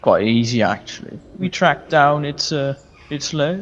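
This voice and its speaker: A man's voice: a little high, lively intonation, measured pace. Man, tabletop player, hesitant, many fillers, dull recording, faint noise. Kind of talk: in-character tabletop play.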